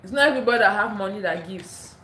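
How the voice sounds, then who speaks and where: A woman's voice: mid-range voice, animated, quick pace, fairly bright tone, roomy sound, a little hiss or hum. A woman from Africa hosting a casual livestream, chatting and reading out viewer comments, laughing often. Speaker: livestream host. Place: indoors at home. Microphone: phone, later a clip-on mic.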